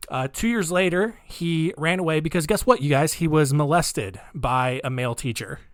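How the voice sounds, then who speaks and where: A man's voice: a little high, normal speed, dry recording, studio quality. Joking man hosting a true crime podcast. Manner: joking, rambling, full of fillers. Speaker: podcast host. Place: home recording space.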